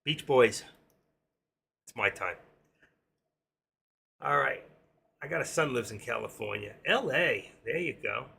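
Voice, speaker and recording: A man's voice: medium pitch, animated, a little slow, creaky, pauses often, sharp tone, slightly rough. A middle-aged man with a New York accent, chatting casually on his trading live stream and reading viewer comments aloud.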